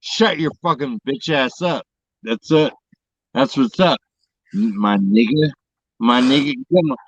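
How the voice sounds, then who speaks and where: A man's voice: mid-range voice, lively intonation, a little slow, slightly rough, no echo. A man joining a casual chat as a caller, trash-talking aggressively and cursing constantly. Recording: dull lo-fi dry sound.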